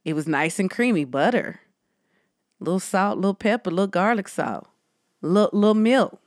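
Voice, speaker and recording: A woman in her thirties chats on a home podcast, full of lively storytelling swings. She speaks to her listeners directly and keeps it casual. The sound is close and dry, with no room around it. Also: mid-range voice, moderate pace, dry recording. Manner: animated storyteller, addresses listeners as y'all. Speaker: podcast co-host. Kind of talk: casual chat.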